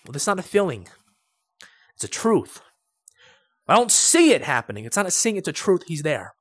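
A man's voice: sits high, very animated, a little fast, long pauses, a bit bright, dry recording, clean studio sound. A man pastor preaching a sermon, building to emphatic, repetitive points. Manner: rising to emphatic preaching with repeated phrases.

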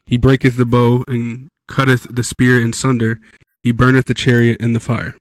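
A man reading scripture aloud in a steady, even delivery. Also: medium pitch, moderate pace, dry recording, low-quality recording.

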